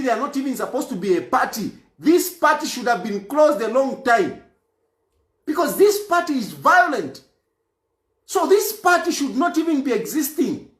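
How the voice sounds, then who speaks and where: A man's voice: very high-pitched, fairly bright tone. A man giving a heated political monologue, repeating his points insistently. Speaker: political commentator. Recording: roomy echo.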